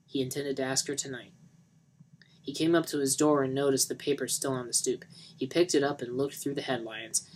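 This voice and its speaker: A man reading a novel aloud in a dry, even narrating manner. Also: mid-range voice, fairly quick, slight background noise, low-quality recording. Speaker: reader of a novel.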